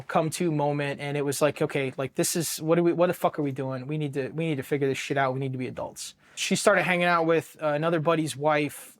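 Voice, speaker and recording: A man in his thirties from Ohio with an American accent, recounting his own story as an interview guest in a blunt, profane way, with many restarts and lines of quoted dialogue. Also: fairly high pitch. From Ohio, United States. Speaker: Marine veteran guest.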